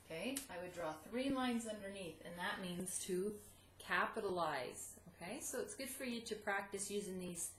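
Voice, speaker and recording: Woman teacher, warm encouraging manner, slow clear dictation, roomy echo with faint hiss behind. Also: mid-range voice. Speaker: second grade teacher. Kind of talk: video lesson for young students.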